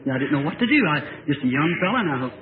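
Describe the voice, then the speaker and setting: A man's voice: on the high side, big pitch swings, very fast, noisy background. Man preacher on a tinny old tape. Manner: folksy storytelling, acts out voices, rises to shouts. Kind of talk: storytelling sermon.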